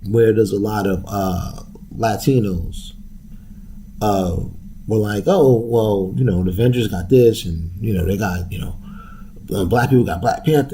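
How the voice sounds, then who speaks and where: Gravelly, profane young podcast host. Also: male voice, lowish voice, lively intonation, normal speed, warm tone, a little hiss or hum. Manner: loose, profane, laughing, street slang. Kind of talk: casual profane rant.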